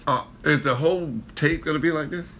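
A man's voice: a little high, brisk. A man hosting a reaction video, chatting casually and bluntly critiquing a comedy clip. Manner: blunt, animated critiquing banter.

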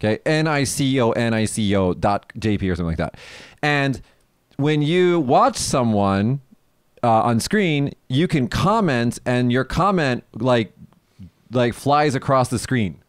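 A man's voice: mid-range voice, lively intonation, unhurried, smooth, no echo, clean studio sound. A young man co-hosting a casual chat, asking questions and giving long explanations. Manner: explains at length, asks follow-up questions. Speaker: co-host.

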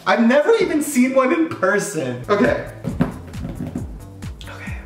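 A young man filming a casual unboxing vlog. He is excitable and swears a lot, and often breaks into laughs and gasps. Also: sits high, slow, long pauses, over music. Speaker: vlogger. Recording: roomy echo.

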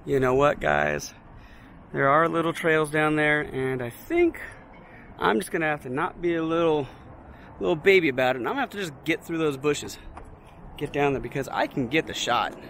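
A man filming a casual walking vlog outdoors, chatty and excited, talking straight to his viewers and a little out of breath in the heat. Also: fairly high pitch, moderate pace, slight background noise. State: slightly out of breath. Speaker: vlogger visiting a film location. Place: outdoors by a steel bridge in hot dry hills.

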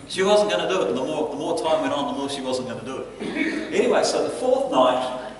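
A man's voice: a little high, brisk, few pauses, background noise. Male pastor in an echoing church hall. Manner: animated storyteller, chuckles between lines. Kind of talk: storytelling sermon. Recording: echoey church hall from a distance.

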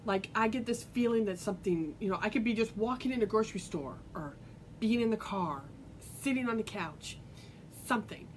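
A woman talks straight to her viewers, telling a personal story in a casual, earnest way. She rambles and restarts, with lots of fillers. A faint low rumble sits behind her voice. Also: brisk, rough recording. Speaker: vlogger.

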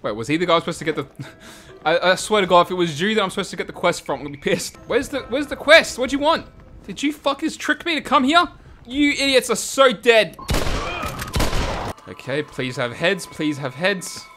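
A man giving crude, comedic commentary over a video game, often shouting and laughing. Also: high voice, quick pace, faint music behind. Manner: loud, crude, shouts often and laughs at his own jokes. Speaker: gaming channel host. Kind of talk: profane comedic gameplay commentary.

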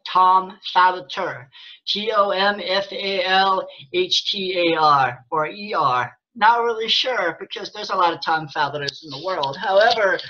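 A man's voice: high-pitched, sharp tone, breathy edge, lo-fi sound. A man ranting angrily and sarcastically to his viewers, swearing often and restarting his sentences. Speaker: vlogger. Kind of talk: angry rant to camera.

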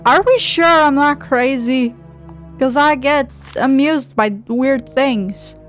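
A woman's voice: high voice, slow, faint music behind. A woman playing a video game, swearing and giggling through sassy asides as she reads the game's dialogue aloud. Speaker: gameplay streamer. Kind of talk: let's play commentary, reading dialogue aloud.

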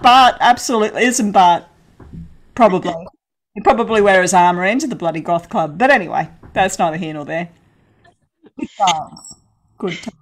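A woman's voice: mid-range voice, slight background noise, low-quality recording. A middle-aged woman, a podcast guest, telling a funny anecdote with lots of laughter and acted-out quotes. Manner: laughing, animated storyteller acting out quotes. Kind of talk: anecdotal storytelling in a podcast interview.

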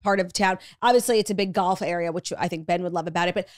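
A young woman from Long Island with a faint Long Island accent and some vocal fry, chatting as a podcast guest and poking fun at herself. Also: on the low side, fast, no room sound, clean studio sound. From Long Island, New York. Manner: chatty, self-deprecating. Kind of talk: casual chat.

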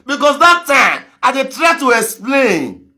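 A man with a Nigerian Pidgin accent ranting on a live video, mocking, laughing and breaking into shouts. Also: extremely high pitch, big pitch swings, unhurried. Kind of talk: animated rant in pidgin.

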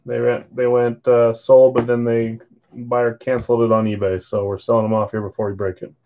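A man's voice: mid-range voice, flat delivery, fairly quick, a little hiss or hum. A man hosting a live card break stream, chatting casually while calling out bids and sales. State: yawning, tired. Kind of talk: live-stream auction chat. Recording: slightly dull lo-fi stream audio.

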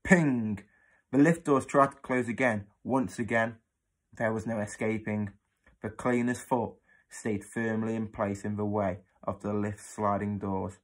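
A man reading a children's book aloud in an expressive, dramatic way. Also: on the low side, a little slow. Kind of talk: storybook read-aloud.

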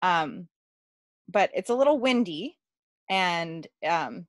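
A woman's voice: lowish voice, expressive, takes it slowly, no echo. Chatty woman telling a story. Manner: chatty, laughing often, many fillers. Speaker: workshop participant. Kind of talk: personal storytelling.

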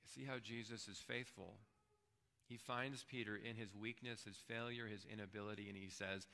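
A pastor preaches in an easy, conversational way and keeps checking in with the room. His low voice has a gravelly grain and a bright, forceful edge. The words ring out in a church hall with a long reverb tail. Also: fairly even intonation, moderate pace. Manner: conversational, often checks in with "right?". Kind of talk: sermon. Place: church sanctuary.

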